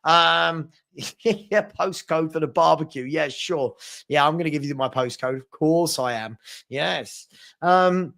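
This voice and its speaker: A man's voice: on the high side, a little slow, gravelly, fairly bright tone. A man hosting a casual live fan chat, thanking viewers by name and answering the chat. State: hiccups. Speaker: fan channel host.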